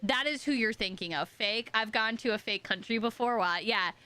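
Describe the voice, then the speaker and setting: A young American woman chats casually with her viewers while playing a game on stream, speaking at normal speed in a fairly high, sharp, clean voice. She rambles, giggles, and is self-deprecating.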